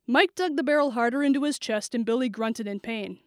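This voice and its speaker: A woman's voice: fairly high pitch, fairly quick, hardly any pauses, no echo. Woman narrating a thriller, dry and close. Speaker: audiobook narrator.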